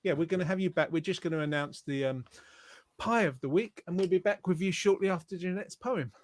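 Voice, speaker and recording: A man's voice: high-pitched, brisk. A man hosting a casual online show, chatty and teasing in a friendly way. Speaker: host.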